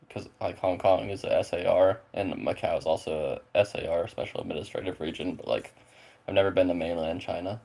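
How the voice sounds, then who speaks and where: Deep gravelly-voiced rambling man. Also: darkish tone. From Spokane, Washington, USA. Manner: rambling, filler-heavy, swears casually. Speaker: streamer chatting with viewers. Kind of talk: casual chat.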